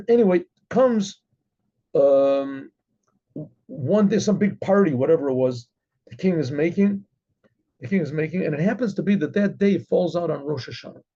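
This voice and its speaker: A rabbi telling a story in a rambling way, with many fillers and frequent throat clearing. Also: male voice, on the high side, lively intonation, moderate pace, pauses often, mellow, muffled recording. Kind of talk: storytelling talk.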